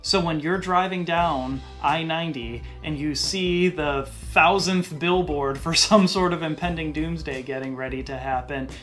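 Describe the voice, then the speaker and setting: A male podcast host giving a casual Bible teaching in a conversational way, slowing down to stress key phrases. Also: fairly high pitch, fairly bright tone, soft background music.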